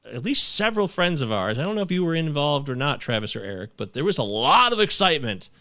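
A man's voice: a little high, big pitch swings, bright, forceful tone, no echo, studio quality. A man hosting a casual live movie podcast, rambling and chatty, stopping himself mid-sentence. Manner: rambling, self-interrupting, quick laughs. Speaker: podcast host.

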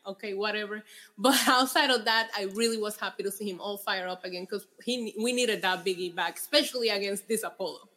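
A woman's voice: medium pitch, fairly quick, bright, forceful tone. Breezy woman chatting on a podcast. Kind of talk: casual chat.

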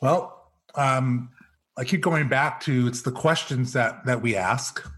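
A man's voice: medium pitch, slow pace, a bit bright, breathy edge. A middle-aged man, an executive coach, telling stories in a podcast interview and acting out the dialogue in them. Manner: storyteller, acts out quoted dialogue.

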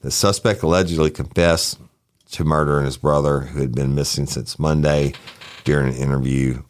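A middle-aged man co-hosting a crime news podcast, reading headlines aloud in a casual way and breaking off with asides. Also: a bass voice. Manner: reads news aloud, trails off, says y'all. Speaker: podcast co-host.

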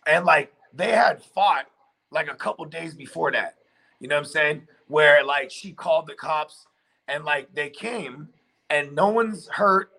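A man's voice: on the high side, unhurried, creaky, bright, forceful tone. A man hosting a casual chat, telling a long story loosely with lots of fillers and swearing. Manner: rambling storyteller, heavy filler and profanity.

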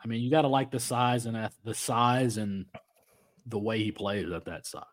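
A man's voice: mid-range voice, moderate pace. A man hosting a sports podcast in casual chat, rambling with many restarts. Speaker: podcast host.

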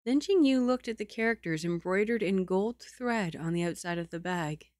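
A woman reading a novel aloud in a calm, even manner. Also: medium pitch, moderate pace, no room sound, clean studio sound. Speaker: audiobook reader.

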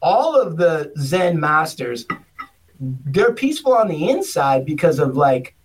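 Animated man telling rambling stories. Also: a little high, unhurried, husky, far from the mic. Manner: rambling storyteller, acts out others in funny voices. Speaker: podcast co-host. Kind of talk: casual chat.

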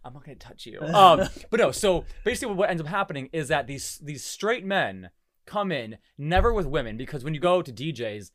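Fairly high-pitched and fairly quick, this podcast host in his twenties keeps the chat casual, laughing and performing quotes as he spins his stories. The studio-quality recording has no room sound.

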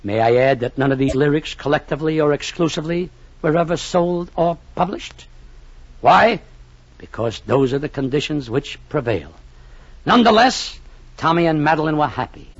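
A man's voice: a little high, animated, moderate pace, no room sound. A man narrating a 1940s radio comedy in a mock-pompous, long-winded way, full of grand phrasing. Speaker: comic narrator. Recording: dull old radio recording.

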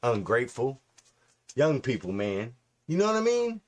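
A man in his forties, a podcast co-host telling profane, animated stories in casual comedic chat. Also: mid-range voice, normal speed. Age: 40s.

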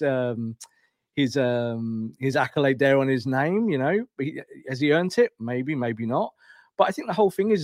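A man co-hosting a football podcast, talking in a rambling, animated way. His voice sits in a middle register and comes across close and dry, with no room sound around it. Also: mid-range voice, no echo. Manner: animated, rambling, laughs while retelling. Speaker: podcast co-host. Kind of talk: casual football chat.

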